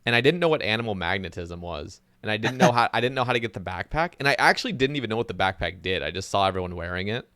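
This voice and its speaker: A man's voice: lowish voice, animated, racing, hardly any pauses, a bit bright, dry recording. A man hosting a podcast, easygoing and agreeable, telling casual stories. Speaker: podcast host.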